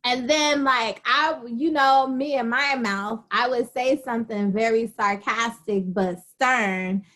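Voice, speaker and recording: A woman's voice: a little high, takes it slowly, a bit bright. A woman hosting an interview, playful and laughing often as she retells shared memories. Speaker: host. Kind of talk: casual interview chat.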